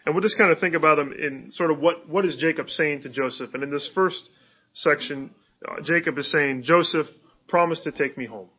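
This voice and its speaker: A man's voice: fairly high pitch, brisk, slightly rough, lo-fi sound. A male pastor preaching a sermon in an easygoing, conversational way, with fillers and restarts.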